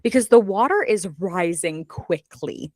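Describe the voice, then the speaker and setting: A woman's voice: medium pitch, a little slow, no room sound, studio quality. A woman hosting a book club podcast, chatting casually and acting out characters' lines with frequent swearing. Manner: animated, swears freely, acts out characters' lines. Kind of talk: casual chat recapping a book.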